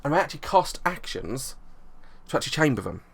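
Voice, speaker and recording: A man's voice: on the high side, very animated, brisk, vocal fry, husky. A man reviewing a board game, explaining the rules in a loose, rambling way and often restarting his sentences.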